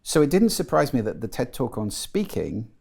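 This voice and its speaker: A man's voice: medium pitch, huge pitch swings, moderate pace, gravelly, darkish tone. A middle-aged man, a guest in an interview, explaining articulately and with enthusiasm. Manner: articulate and enthusiastic, demonstrates voices while explaining. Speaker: guest, voice and sound expert.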